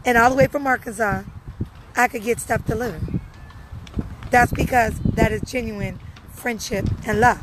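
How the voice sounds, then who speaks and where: A woman's voice: on the high side, steady tone, normal speed, long pauses, background noise. A young woman speaking casually and earnestly to her viewers, repeating phrases for emphasis. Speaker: live streamer answering viewers. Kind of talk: casual personal talk.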